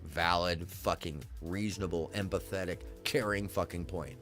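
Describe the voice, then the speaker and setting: A man's voice: low-pitched, steady tone, a little slow, fairly bright tone, soft background music. A man hosting a livestream, ranting at his chat in a profane, sarcastic, indignant way. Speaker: livestream host. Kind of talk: heated livestream rant at chat.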